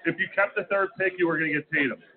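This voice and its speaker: A man's voice: a little high, fairly even intonation, racing. A man co-hosting a casual live show, teasing his friends and running the game. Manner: teasing, runs the segment. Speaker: podcast co-host. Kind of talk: casual chat. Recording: tinny lo-fi line.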